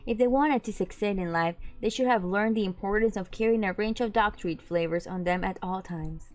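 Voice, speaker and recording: A woman's voice: medium pitch, moderate pace, hardly any pauses, a little mellow, soft background music. A woman streamer reading a dating game aloud, breaking off into giggly, chatty asides.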